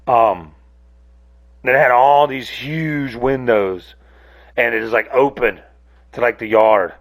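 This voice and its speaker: Gravelly rambling man. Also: mid-range voice, takes it slowly. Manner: rambling, profane, self-interrupting. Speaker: podcast host. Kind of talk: casual solo rant.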